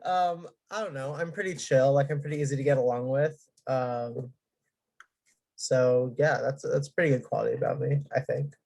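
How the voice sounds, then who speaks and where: A laid-back man introducing himself as a game contestant, hesitant and filling pauses. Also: medium pitch, steady tone, gravelly, darkish tone. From Washington, US.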